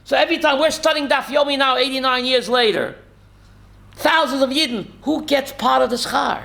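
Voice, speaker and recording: The voice is extremely high, gravelly, pushed and bright, delivered at normal speed. It belongs to a rabbi teaching Torah who quizzes listeners by name and shares stories with feeling, mixing in Yiddish and Hebrew.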